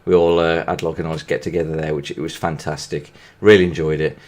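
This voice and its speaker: A deep-voiced man chats casually over his football game, his nose audibly stuffy from hay fever. He rambles, circles back and restarts his sentences as he talks to his viewers. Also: flat delivery, fairly quick, darkish tone. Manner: rambling and hesitant, full of restarts. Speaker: gaming video creator. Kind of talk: casual commentary while playing a football video game.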